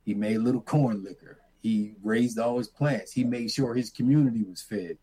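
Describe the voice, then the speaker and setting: A middle-aged man, a farmer and mentor, telling reflective stories in an earnest way that turns animated as he retells them. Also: mid-range voice, moderate pace, slightly rough, low-quality recording. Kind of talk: reflective storytelling.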